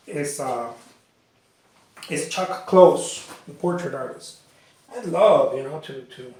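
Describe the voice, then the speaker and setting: A man teaching painting in a casual, rambling way, often repeating himself and saying "you know" while he works. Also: a little high. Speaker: painting instructor. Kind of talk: casual talk during painting session. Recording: very echoey room.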